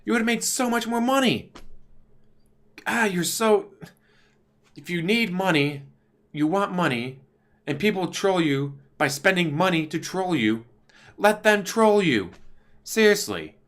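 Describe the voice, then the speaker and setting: A man giving a casual, exasperated commentary rant to camera on his channel, talking with big swings in pitch. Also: lively intonation, unhurried, long pauses, fairly bright tone. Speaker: YouTube commentator. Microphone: desk USB microphone.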